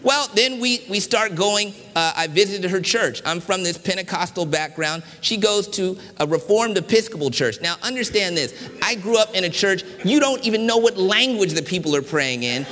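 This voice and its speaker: Bright-voiced preacher in a reverberant hall. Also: male voice, sits high, animated, normal speed. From Washington, D.C. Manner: storytelling with humor, varied pacing and emphasis. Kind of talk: sermon with personal stories. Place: church sanctuary.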